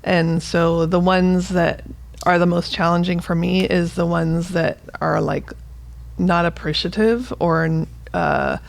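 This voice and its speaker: Gravelly-voiced woman, earnest and expressive. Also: on the low side, takes it slowly. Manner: earnest, expressive, laughs easily. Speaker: physical therapist guest. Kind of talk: casual conversation.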